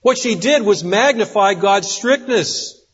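Husky-voiced man preaching in a reverberant hall. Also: high voice, expressive. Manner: deliberate, emphatic preaching with acted-out quotes. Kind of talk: sermon. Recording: dull audio with long reverb in a hall.

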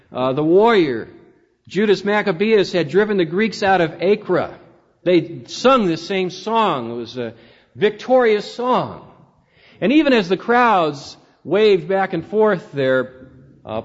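High-voiced preacher in an echoing church. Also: male voice. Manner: preaching with wide swings of emphasis, reading scripture aloud. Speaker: pastor. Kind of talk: sermon. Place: church sanctuary. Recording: dull, lo-fi sound with long church reverb.

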